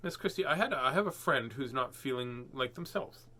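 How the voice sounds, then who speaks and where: A man's voice: medium pitch, lively intonation, normal speed. A man hosting a casual livestream before reading children's books, joking, chatting with viewers and laughing often. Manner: playful, jokey, sings silly warm-ups and laughs often.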